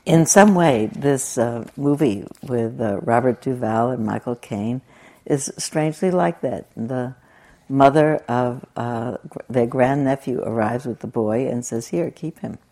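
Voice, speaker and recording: A woman's voice: a bass voice, measured pace, dark tone. An older woman giving a conversational, reflective dharma talk as a meditation teacher. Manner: conversational and reflective, with laughing asides.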